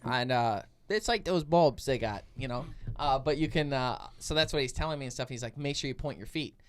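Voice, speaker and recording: A man hosting a podcast, telling an animated story in casual chat, laughing often and saying 'like' a lot. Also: medium pitch, normal speed, clear, resonant tone. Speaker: podcast host.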